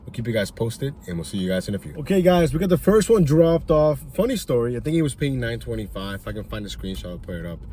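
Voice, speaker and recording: A man's voice: medium pitch, sing-song, fast, few pauses, warm tone. A man talking casually to his viewers from inside his car while driving deliveries. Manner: chatty, laughs while telling stories. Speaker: delivery driver vlogger. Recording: noisy car interior. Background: road and car noise.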